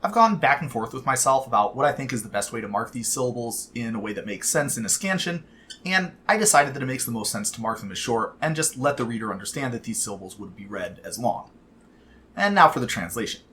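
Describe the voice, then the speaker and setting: A man teaching Latin in a calm, measured and explanatory way, reading verse slowly. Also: medium pitch. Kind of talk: scripted lesson narration.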